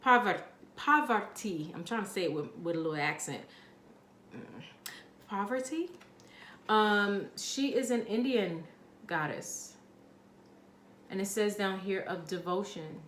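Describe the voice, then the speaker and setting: A woman's voice: mid-range voice, echoey room, a little hiss or hum. A woman giving a casual pick-a-card tarot reading, chatty and rambling with lots of fillers.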